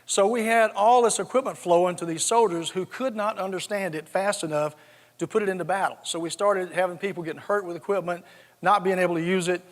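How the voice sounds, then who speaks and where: Older southern guy telling funny stories, kinda high voice, big hall echo. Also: steady tone, brisk. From South Georgia, USA. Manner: folksy, humorous storyteller. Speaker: conference speaker. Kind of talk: storytelling keynote with jokes. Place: large conference hall. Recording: long hall reverb.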